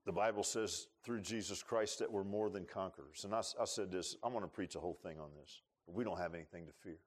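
A male pastor preaching a sermon, repeating himself and swinging from quiet, confiding lines to loud, fervent peaks. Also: low-pitched, fast talker, slightly rough. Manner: repeats words and restarts, folksy asides.

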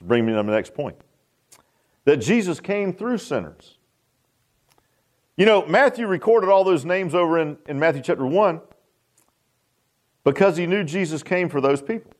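A man's voice: a little high, expressive, normal speed, long pauses. A man preaching a sermon, folksy and joking, often asking the congregation questions. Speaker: pastor.

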